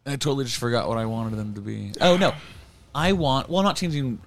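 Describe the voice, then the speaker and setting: A man's voice: medium pitch, expressive, quick pace, creaky, slight background noise. A man in casual podcast chat, joking around in a crude, rambling way.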